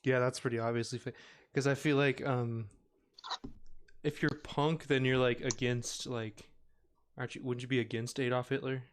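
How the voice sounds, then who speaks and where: A man's voice: medium pitch, little pitch movement, moderate pace, background noise. A man co-hosting a casual podcast, laughing often as he chats. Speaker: podcast co-host. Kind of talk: casual chat.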